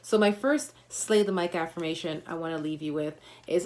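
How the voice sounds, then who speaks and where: A woman's voice: sits low, moderate pace, darkish tone. Emphatic woman coaching voice affirmations. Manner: emphatic, coaching, repeats affirmations with punchy slang. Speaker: motivational speaker and voice coach. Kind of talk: motivational talk on a livestream.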